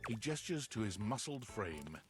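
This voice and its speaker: A game narrator, a little low in pitch but lively and rolling in his delivery. He describes each scene in smooth, playful scripted lines, with soft music behind him. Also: normal speed. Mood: wry. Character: male narrator of a dating game.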